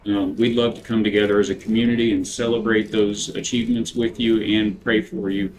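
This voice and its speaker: A male streamer speaks in a fairly low voice, unhurried and earnest as he chats with his viewers before playing. His tone stays casual and sincere. A faint background noise sits under his voice. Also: flat delivery. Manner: earnest, unhurried talk with a devotional bent. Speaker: game streamer. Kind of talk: casual livestream chat.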